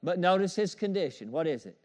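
A man's voice: sits high, animated, a little fast, a little mellow. A man preaching a sermon in an emphatic, repetitive style, calling for amens and chuckling as he goes. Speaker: pastor.

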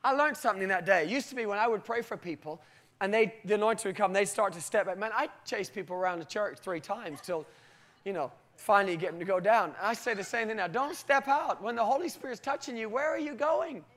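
A British man preaching, telling a personal story with animated delivery and frequent laughter. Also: high voice, quick pace. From Britain.

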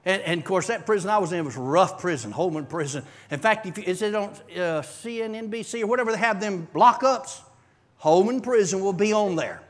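A man preaching a testimony to a church congregation, telling his story in an animated way with bursts of shouting and laughter. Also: high voice, a little fast. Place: church service.

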